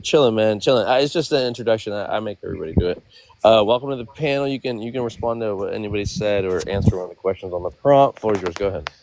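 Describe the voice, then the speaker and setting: A man's voice: lowish voice, racing, darkish tone, a little hiss or hum. A man moderating a live online panel discussion, easygoing, with many repeated phrases. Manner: easygoing, repeats phrases, calls people brother. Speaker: panel host.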